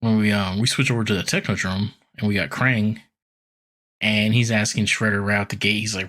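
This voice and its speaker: A man's voice: lowish voice, fairly even intonation, fairly quick, sharp tone. A man co-hosting a podcast, casually retelling a cartoon episode in a rambling way with lots of fillers and acted-out quotes. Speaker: podcast co-host recapping an episode. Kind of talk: casual chat, animated retelling.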